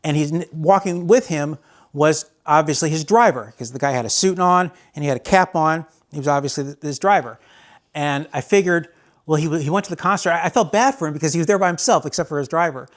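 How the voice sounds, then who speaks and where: Chatty storytelling man, fairly high voice. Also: fast. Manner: rambling, self-correcting, chatty. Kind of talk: casual anecdote.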